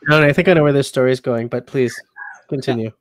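A man's voice: medium pitch, quick pace, no room sound, clean studio sound. A man hosting a livestream, giving brief amused reactions while listening to a story. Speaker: livestream host.

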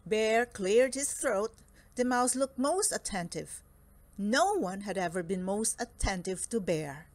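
Slow, expressive woman reading a storybook. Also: medium pitch, dry recording. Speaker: storybook reader. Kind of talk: reading a picture book aloud. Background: soft music.

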